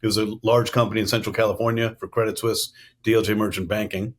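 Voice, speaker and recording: A man's voice: lowish voice, level tone, fast. A middle-aged man from the US East Coast, telling stories in an earnest, businesslike way as a podcast guest. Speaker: guest, company CEO. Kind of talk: storytelling interview answers.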